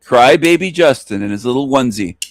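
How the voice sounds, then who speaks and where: A man's voice: mid-range voice, lively intonation, fairly quick, dry recording, clean studio sound. A man ranting angrily and with contempt in a profane monologue to his channel. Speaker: channel host.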